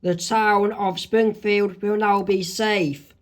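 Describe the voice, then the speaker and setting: A man voicing an excited male cartoon professor in a fan comic reading, proud and slow. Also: high voice.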